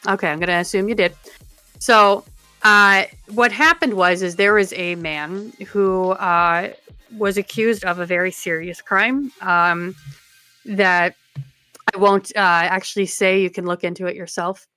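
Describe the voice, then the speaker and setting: A woman co-hosting a podcast, telling a story in an animated, casual way with fillers. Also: mid-range voice, unhurried, clear, resonant tone, no room sound, faint music behind. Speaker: podcast co-host.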